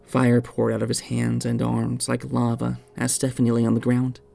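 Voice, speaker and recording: A man reading a horror story aloud in measured, dramatic scripted narration. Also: mid-range voice, monotone, creaky, warm tone, faint music behind.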